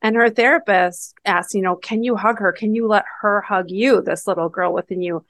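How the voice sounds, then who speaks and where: A woman's voice: mid-range voice, normal speed, fairly bright tone, no echo. A woman co-hosting a book podcast, talking things through in an earnest, reflective way. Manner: reflective, earnest, thinks aloud. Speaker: podcast co-host. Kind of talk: casual book-club chat.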